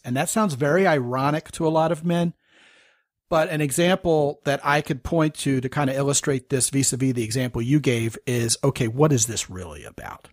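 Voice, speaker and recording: A man's voice: medium pitch, dry recording, clean studio sound. Frank, probing male podcast host. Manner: frank, probing, lays out examples and checks understanding. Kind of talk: podcast interview.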